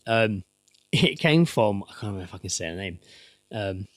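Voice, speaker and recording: A man's voice: on the low side, moderate pace, dry recording, clean studio sound. Joking man co-hosting a podcast. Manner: joking, deadpan asides, swears freely. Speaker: podcast co-host. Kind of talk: casual podcast chat.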